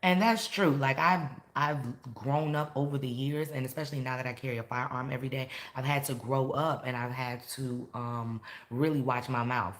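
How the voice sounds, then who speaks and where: A woman in her thirties talking casually to camera, animated, laughing and swinging between loud and soft. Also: rumbling low, normal speed. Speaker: vlogger.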